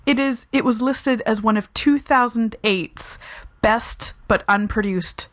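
A woman's voice: a little high, measured pace, dry recording. A woman co-hosting a film review chat, talking frankly and casually with lots of "like" and fillers. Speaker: film review podcast co-host.

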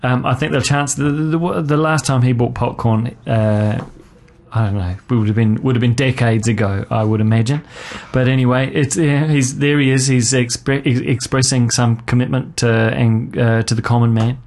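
A man's voice: medium pitch, fairly even intonation, moderate pace, darkish tone. A man co-hosting a film podcast, chatting casually with lots of fillers and restarts. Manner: rambling, hesitant, many fillers and restarts. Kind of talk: casual chat.

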